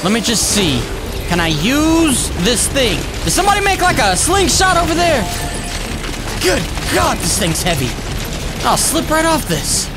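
A man giving let's play commentary as a gaming YouTuber, excitable, exclaiming and talking to himself as he plays. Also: very high voice, unhurried. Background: loud game music.

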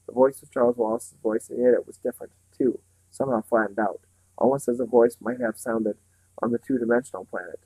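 Male reader with a mellow, dry voice, reading a novel aloud at a measured pace. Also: mid-range voice, steady tone, slightly rough, dry recording, poor audio.

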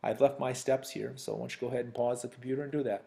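A man's voice: medium pitch, steady tone, very fast, vocal fry, warm tone. A man teaching a recorded sixth-grade math lesson, talking straight to his students in a chatty, joking way. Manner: chatty, addresses students directly, jokes.

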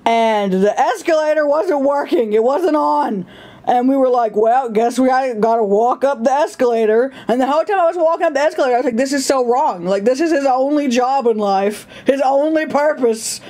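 Young female vlogger, lively storyteller, high voice. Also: moderate pace. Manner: animated, laughing, acts out dialogue. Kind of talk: casual storytelling.

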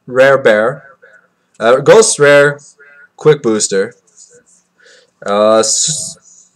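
Through a cheap computer mic that cuts out, a card-unboxing vlogger delivers crude, excitable commentary. He veers from loud yelps to quiet mumbling and mocks himself jokingly.

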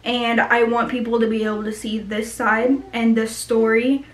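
A young woman, a mother, speaking earnestly in a personal vlog, with many pauses and fillers. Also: fairly high pitch, little pitch movement. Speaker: mother sharing her baby's story. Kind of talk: personal vlog talking to camera. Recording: echoey room.

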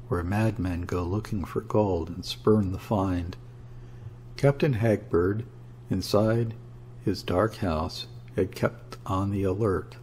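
A man narrating a classic story in a measured, dramatic reading. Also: on the low side, darkish tone, slight background noise. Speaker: audiobook narrator.

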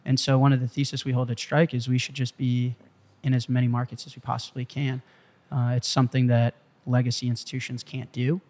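Fast, excitable man telling a story. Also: mid-range voice. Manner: excitable, profane, emphatic. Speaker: interview guest, company CEO. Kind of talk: animated storytelling in a casual interview. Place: Malibu.

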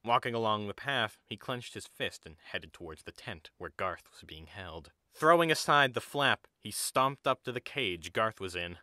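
A man narrating an audio drama in an even storybook manner. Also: fairly low pitch, normal speed, hardly any pauses, dry recording, clean studio sound. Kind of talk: scripted narration.

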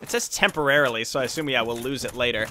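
A man hosting a let's play, chatting wryly as he plays with sudden excited yelps. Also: mid-range voice, rapid-fire, a little hiss or hum. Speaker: gaming video host.

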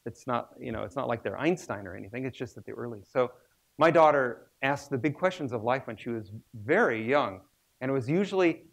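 A man in his sixties, a research biologist, giving a public lecture with humorous storytelling. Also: medium pitch.

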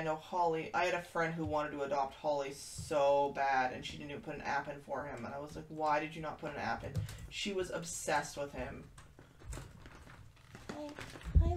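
A chatty woman with a low voice hosts a casual livestream from a kitten room, answering viewers as they type. She sounds some way from the mic in an echoey room, with clear noise behind her. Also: recorded from a distance. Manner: chatty, reads and answers chat aloud.

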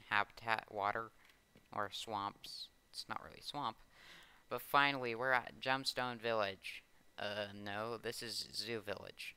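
A man's voice: fairly low pitch, sharp tone, clean tone. A man casually rambling to himself while playing a game roleplay, often stopping to correct himself. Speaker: YouTuber playing a Minecraft roleplay. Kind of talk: casual gameplay roleplay commentary.

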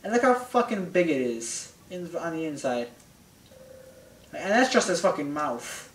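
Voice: medium pitch, very animated, measured pace, a little hiss or hum. A gamer in casual let's-play chat, joking around and swearing a lot, recorded in a roomy room from a distant mic. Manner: profane, joking. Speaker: gamer playing a video game.

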